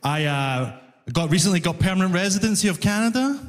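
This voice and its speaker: Glaswegian stand-up, animated and exasperated, high voice ringing through a reverberant room. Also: male voice, a little fast, a little hiss or hum. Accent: Glaswegian Scottish. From Scotland. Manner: animated, mock-exasperated storytelling. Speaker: stand-up comedian. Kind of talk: stand-up comedy set. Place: comedy club stage. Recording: reverberant live venue.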